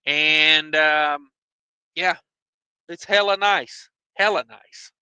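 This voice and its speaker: A man's voice: on the high side, drawn-out words, pauses often, bright, forceful tone, clean tone, no room sound, poor audio. A man hosting a casual trucking livestream on his phone, reading viewer comments in a loose, joking way. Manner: loose and joking, many fillers and asides.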